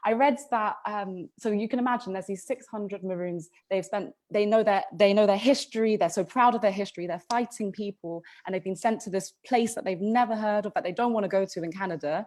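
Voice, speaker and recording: Brief: woman podcast co-host, mid-pitched, chatty storyteller with ums and restarts. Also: fairly quick, hardly any pauses, darkish tone. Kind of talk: casual history podcast storytelling.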